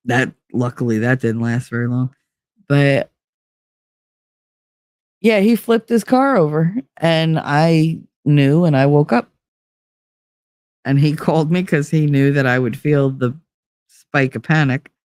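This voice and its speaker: A woman in her forties telling a casual late-night story on a stream, animated and swearing freely as she acts out quoted voices. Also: deep voice, takes it slowly, pauses often, dry recording, clean studio sound.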